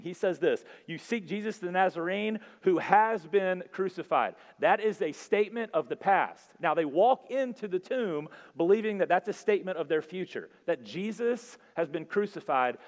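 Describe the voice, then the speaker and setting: A man preaching a sermon in a casual, conversational way, often repeating phrases and asking "right?", and dropping soft and low on key words. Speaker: pastor. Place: church hall. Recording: long hall reverb.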